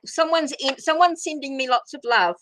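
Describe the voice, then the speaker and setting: A woman's voice: high-pitched, normal speed, a bit bright. A middle-aged woman hosting a casual live tarot stream, rambling as she greets viewers and answers their comments. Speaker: tarot reader hosting a livestream.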